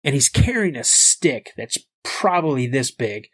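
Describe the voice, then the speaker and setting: A man from the United States, a podcast guest, telling a story in a casual, animated way and acting out the voices in it. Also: mid-range voice, a little slow, dry recording.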